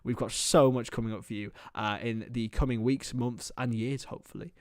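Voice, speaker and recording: A man's voice: mid-range voice, steady tone, brisk, a little mellow, dry recording, clean studio sound. A young man hosting a casual football watchalong stream, joking and chatting to viewers as lads. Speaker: livestream host.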